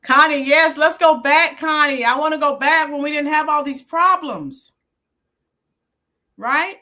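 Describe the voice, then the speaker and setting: A middle-aged woman hosts a casual live-stream, reminiscing and answering viewers by name. Her voice is bright and ringing and sits a little high. She talks at an unhurried, drawn-out pace. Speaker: YouTube channel host and teacher.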